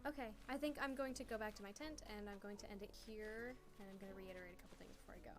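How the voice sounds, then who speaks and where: A woman's voice: medium pitch, steady tone, very fast, music in the background. A woman streamer chatting casually from a small room at home, giggly and rambling, with many fillers. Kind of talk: casual livestream chat.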